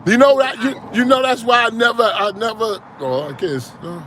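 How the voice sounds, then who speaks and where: A man's voice: extremely high pitch, moderate pace, noisy background. A man hosting a call-in show, joking and laughing through casual phone banter.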